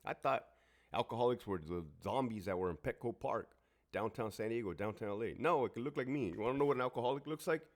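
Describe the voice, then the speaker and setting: Speaking quickly in a mid-range voice, a man in his forties shares his story in a casual monologue. He's a Southern California veteran and former prison guard, and he's blunt, emphatic and heavily profane.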